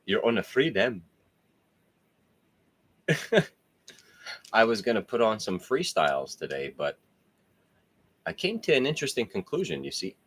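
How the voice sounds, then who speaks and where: A man's voice: on the low side, a bit bright. A man hosting his own show in a casual, rambling monologue, laughing often and swearing freely. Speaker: host.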